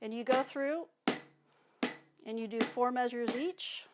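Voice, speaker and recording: A woman teaching drum exercises, calmly cueing each one while she plays. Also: a little high, measured pace, heavy background noise. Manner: calm, counts and cues exercises while playing. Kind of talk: instructional demonstration. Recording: talk over loud drumming and metronome.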